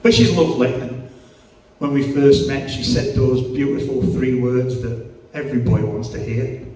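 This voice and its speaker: Middle-aged Yorkshire stand-up, crude and self-mocking, live club sound from a distance. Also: male voice, mid-range voice, steady tone, normal speed, mellow. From Yorkshire, England. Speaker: stand-up comedian. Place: comedy club stage. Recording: echoey club from far off.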